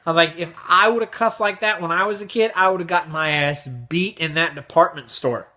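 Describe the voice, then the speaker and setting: A man's voice: a little high, a little fast, pushed and bright. A young man hosting his vlog, telling crude, exaggerated stories in a brash comedic rant. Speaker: vlog host.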